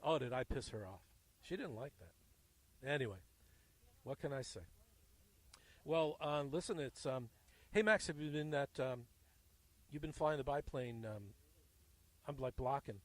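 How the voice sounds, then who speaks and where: A man hosting a field interview outdoors at a small airfield, telling animated, jokey stories into a handheld mic. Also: medium pitch, measured pace, pauses often. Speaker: host.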